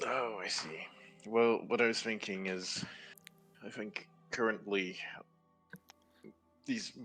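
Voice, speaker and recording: A man's voice: fairly low pitch, fairly even intonation, slow, a bit bright, soft background music. A man playing in a tabletop game, talking casually in rambling thoughts that trail off. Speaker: player.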